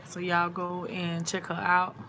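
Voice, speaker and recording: A woman's voice: fairly low pitch, completely flat delivery, measured pace, background noise. A woman, sleepy and chatty, talking casually to viewers in a late-night live chat. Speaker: vlog host.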